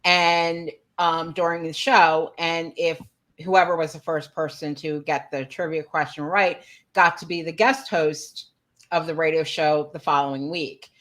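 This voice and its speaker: A man's voice: a little high, fairly even intonation, unhurried, pushed and bright, dry recording. A middle-aged man with a Southern US accent, a chatty podcast guest who laughs easily. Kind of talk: casual chat.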